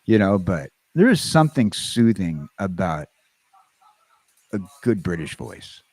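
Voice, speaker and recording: A man's voice: deep voice, very animated, unhurried, a little mellow, no echo. An American man hosting a casual livestream chat. He rambles and halts, with lots of fillers and restarts. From United States. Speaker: livestream host.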